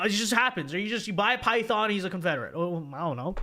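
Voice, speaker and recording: A man's voice: sits high, expressive, quick pace, hardly any pauses, sharp tone. A man hosting a casual livestream, reading super chats with stammering repeats and a frequent "okay?". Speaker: livestream host.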